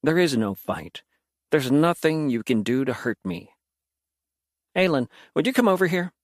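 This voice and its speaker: A man's voice: fairly high pitch, big pitch swings, a little slow, no echo, clean studio sound. A man playing a smug mocking demon. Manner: taunting, amused.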